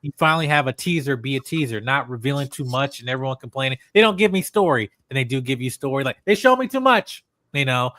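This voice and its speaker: A man's voice: mid-range voice, fast, dry recording, studio quality. A man, a guest on a live stream, chatting casually about a movie trailer with lots of fillers and laughs. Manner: animated, laughing, many fillers. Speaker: guest panelist.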